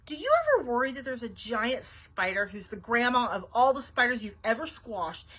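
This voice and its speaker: A woman's voice: on the high side, animated, normal speed, a bit bright, slightly rough, rough recording. A woman voicing a dramatic little girl who whines and hollers for help. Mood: worried. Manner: theatrical, whiny.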